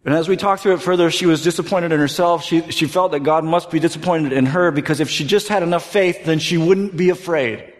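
Male pastor, 30s, slightly high voice, earnest sermon delivery with hushed quiet passages, long hall reverb. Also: fairly quick, few pauses. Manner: earnest, dropping to soft near-whispers for tender moments.

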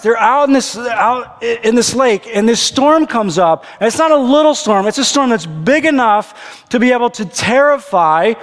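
A man preaching a conversational sermon, animated and playful, acting out the people in the story. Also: very high voice. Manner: animated, conversational, acts out characters' lines. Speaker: pastor. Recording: long reverb of a big hall.

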